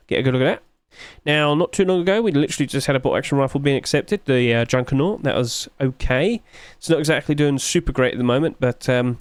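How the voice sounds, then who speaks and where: Man, casual commentary, rambling, sleepy, mid pitch, dry close sound. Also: clean tone, dry recording. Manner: chatty, rambling, with sudden high-pitched exclamations. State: sleepy, yawning. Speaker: game skin reviewer.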